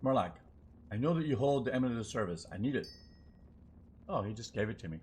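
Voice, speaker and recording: A man's voice: medium pitch, expressive, fast, darkish tone, a little hiss or hum. A man streaming a game live, chatting and thinking aloud in a loose, rambling way as he plays. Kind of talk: live gameplay commentary.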